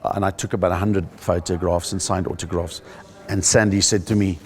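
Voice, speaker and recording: A middle-aged South African man, a stand-up comedian, telling stories in an interview and jumping into high voices for the punchlines. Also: fairly quick. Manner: animated storyteller, jumps into high-pitched voices for jokes. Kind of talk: interview with comic anecdotes.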